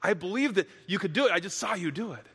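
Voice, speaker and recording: A man voicing an eager, amazed male event promoter, talking in an excited, insistent way. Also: sits high, fast talker, slightly rough, long reverb tail, full character voice.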